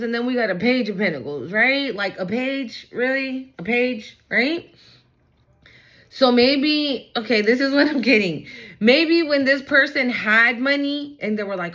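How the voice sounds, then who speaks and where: A woman giving a casual tarot reading to her audience, talking in an animated, chatty way, swearing freely and often checking in with "okay?" and "right?". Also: a little high. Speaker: tarot reader.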